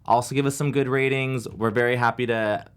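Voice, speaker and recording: A man co-hosting a TV recap show, relaxed and casual, full of "like"s as he quotes characters. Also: medium pitch, a little fast, clear, resonant tone. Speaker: co-host.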